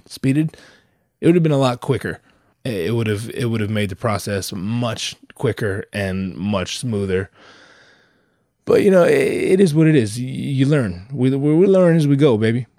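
Speaking in a fairly low, slightly mellow voice, a young man alone on his podcast rambles profanely and mocks himself while ill, sounding a little nasal. He's on headphones and a microphone, with clean studio audio and no room sound.

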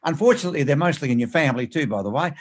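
A man's voice: fairly high pitch, lively intonation, very fast, background noise. A man, a guest in an interview, telling anecdotes in an emphatic way, often repeating words and restarting phrases. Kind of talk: animated anecdotal storytelling.

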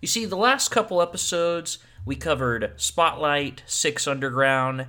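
A man's voice: fairly high pitch, measured pace, sharp tone. A man hosting a casual podcast chat about films, upbeat and laughing often. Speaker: podcast host.

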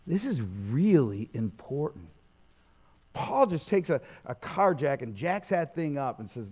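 This middle-aged pastor has a husky, medium-pitched voice and takes his time. His sermon is casual, conversational, and animated storytelling, with lots of fillers and restarts along the way.

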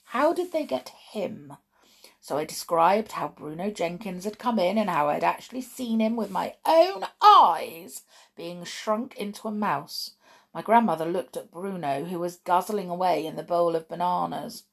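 A woman reads a children's book aloud, telling the story at a steady pace. Her voice has a gravelly edge, and she lifts it to bring out the exciting moments. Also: on the low side, normal speed.

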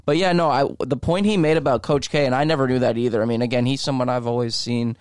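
A man's voice: mid-range voice, steady tone, fast talker, darkish tone, no echo, clean studio sound. A man co-hosting a sports talk show, chatting in an easygoing, conversational way. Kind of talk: casual sports chat.

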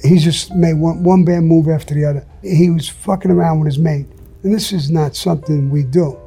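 A gravelly, dark-toned voice, a little high and a little fast with fairly even intonation, comes over soft background music. This man is a guest in a casual interview, telling stories bluntly and profanely and acting out quotes.

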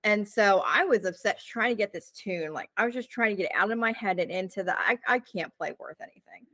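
A woman co-host chats through a story in a loose, animated way, leaning on "like" and "you know" and acting out each quote. Her voice sits at a middle pitch for a woman. The sound is dry and close, with no room around it. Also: brisk, no room sound. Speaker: podcast co-host. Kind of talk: casual storytelling chat.

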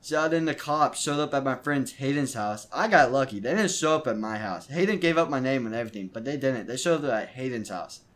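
A teenage boy hosts his own podcast and talks straight through a story from his life. His voice sits at an ordinary middle pitch, and the telling is loose and unpolished, full of false starts, stumbles and repeated words. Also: lively intonation, fairly quick, few pauses, a bit bright. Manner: rambling, frequent restarts and stumbling repeats. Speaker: podcast host. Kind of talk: casual storytelling monologue.

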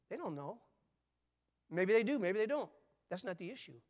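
A man in his seventies preaching a sermon, moving from quiet, conversational asides to loud, emphatic calls. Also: high-pitched, very animated, moderate pace, pauses often. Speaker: pastor.

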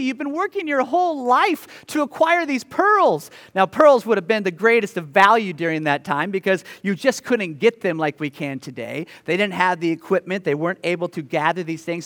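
A male pastor preaching a sermon, telling the story with lively, playful asides to the congregation. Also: high-pitched, in a large hall. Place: church sanctuary.

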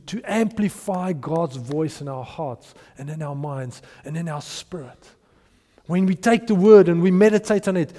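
A man preaching a sermon as pastor, earnest, building emphasis and letting phrases trail off softly. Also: sits high, big-room sound.

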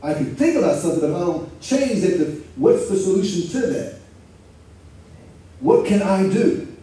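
Pastor, male, high but mellow tone, easygoing preaching, picked up from afar in a roomy church. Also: very animated. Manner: conversational preaching, reads scripture slowly. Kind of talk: sermon. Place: church sanctuary. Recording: echoey room from far off, faint ambience.

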